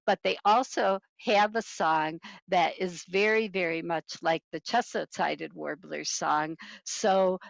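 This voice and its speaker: A woman's voice: on the low side, steady tone, takes it slowly, gravelly, few pauses, no echo. A woman giving an online birding talk from home over a video call, wearing headphones, with bird-song mnemonics sung in between. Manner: imitates bird songs with mnemonics. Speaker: birding presenter. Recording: dull lo-fi video call audio.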